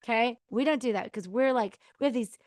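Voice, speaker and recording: A woman's voice: on the high side, brisk, darkish tone, no room sound, clean studio sound. A woman hosting a podcast, talking casually about choosing peace, acting out quoted replies and laughing now and then. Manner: chatty, acts out quoted replies, laughs often. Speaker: podcast host. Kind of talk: casual advice monologue. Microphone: mic on a counter.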